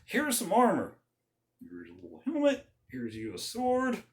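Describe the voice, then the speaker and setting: A patronizing king pats a boy on the back with chummy words, as a man puts him on. The voice sits noticeably higher than the speaker's usual pitch. The intonation bounces around in a lively way. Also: unhurried, gravelly, full character voice.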